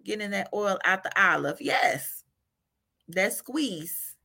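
Bright, animated woman encourager. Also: mid-range voice, takes it slowly, creaky. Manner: animated, laughs often, asks "right?" repeatedly. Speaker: faith encourager. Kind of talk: informal devotional talk.

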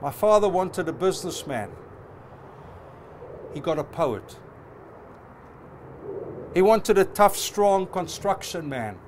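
A middle-aged man preaches with passion, stacking phrase on phrase for emphasis. His voice sits a little high for a man. A faint hum of ambience lies under the recording. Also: animated, slow, long pauses, darkish tone. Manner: passionate, emphatic with rising repetitions. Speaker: pastor. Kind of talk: sermon.

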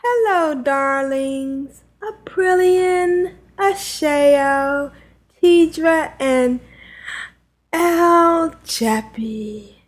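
A woman's voice: high-pitched, very slow, voice pushed up. A woman putting on a gushing, theatrical female voice that draws out its greetings.

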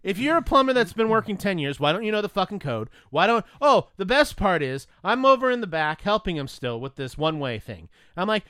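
Man, casual chat, bright and very lively voice, acts out every exchange, swears freely. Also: high voice, a little fast, hardly any pauses, clear, resonant tone, dry recording, clean studio sound. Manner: animated, profane storytelling with voiced retellings. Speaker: storyteller.

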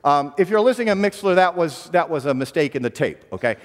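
A man's voice: fairly high pitch, lively intonation, a little fast, big-room sound. A man preaching a sermon as pastor, earnest, often repeating a word as he restarts a phrase.

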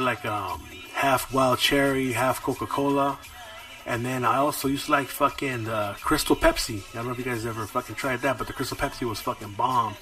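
A man's voice: mid-range voice, sharp tone. A man, hosting a podcast and telling rambling, profane stories from his childhood. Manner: profane, rambling, laid-back. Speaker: podcast host. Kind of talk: casual storytelling monologue. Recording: dry, distant mic.

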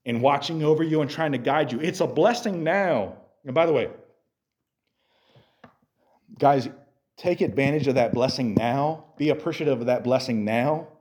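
Animated male youth preacher. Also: medium pitch, moderate pace, pauses often. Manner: animated, swings from quiet to shouting, direct address. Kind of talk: sermon to youth.

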